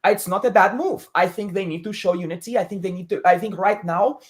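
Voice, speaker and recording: A woman co-hosting a casual sports talk show, measured and analytical, drawing comparisons to the military. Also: mid-range voice. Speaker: co-host.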